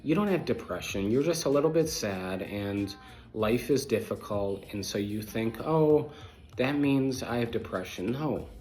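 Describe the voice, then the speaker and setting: A man's voice: medium pitch, a little mellow. A man hosting a podcast, talking bluntly and repetitively in a scattered, manic way, jumping from thought to thought. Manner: repetitive, emphatic, jumps between thoughts; blunt and preachy toward listeners. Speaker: podcast host. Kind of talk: casual monologue to viewers.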